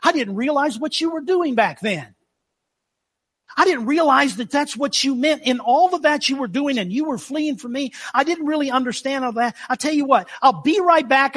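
A man's voice: very high-pitched, fairly bright tone, exaggerated voice. A man voicing an imagined God who mockingly apologizes, in an ironic, sarcastic way during a sermon.

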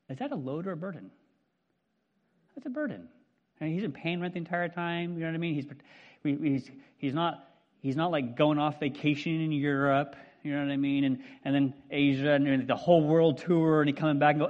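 A man in his fifties delivers a sermon in an easy, conversational way. He moves quickly between stories and asides, often checking in with the congregation. His voice sits slightly high, and the recording sounds dull and lo-fi. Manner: conversational, animated, frequent "right?" check-ins. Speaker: pastor.

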